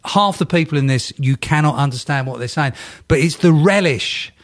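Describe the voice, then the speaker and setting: A man's voice: fairly high pitch, normal speed. A man co-hosting a podcast in casual chat, rambling and breaking off mid-sentence as he tells stories. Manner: rambling, self-interrupting storyteller. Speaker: podcast co-host.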